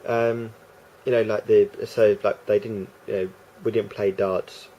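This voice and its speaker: A man's voice: fairly low pitch, little pitch movement, measured pace, warm tone. A man rambling through a casual vlog monologue, hesitant and full of restarts and fillers. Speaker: vlogger.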